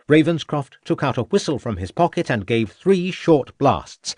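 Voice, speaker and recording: Low-voiced male audiobook narrator. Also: very animated, moderate pace, few pauses, no echo, clean studio sound. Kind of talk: scripted narration.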